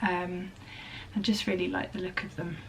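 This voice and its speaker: Soft-spoken, half-whispering woman. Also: on the low side, level tone, moderate pace, gravelly, a little hiss or hum, rough recording. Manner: soft, often half-whispered, hesitant with many ums. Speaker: vlogger and maker of teddy bears. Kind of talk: casual vlog chat. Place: home workspace at a sewing desk.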